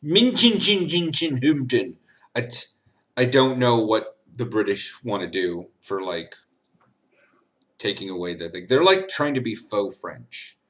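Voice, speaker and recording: A man's voice: fairly low pitch, animated, a little slow. A man chatting casually while he plays games on a stream. He is tipsy, rambles, jokes and giggles as he goes. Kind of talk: casual chat while gaming.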